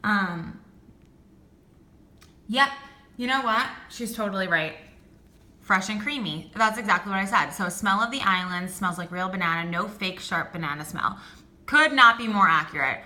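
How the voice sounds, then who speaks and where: Gushing young woman, bright echoey voice. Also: medium pitch, moderate pace, long pauses. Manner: gushing, excitable, heavy "like" filler. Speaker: beauty and candle vlogger. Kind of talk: casual product review.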